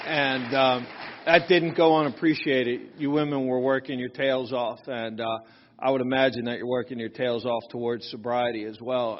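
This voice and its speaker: A man's voice: mid-range voice, big-room sound. A man speaking casually to a workshop audience, chatty and self-deprecating, often checking in with "right?" asides. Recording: slightly dull, lo-fi recording.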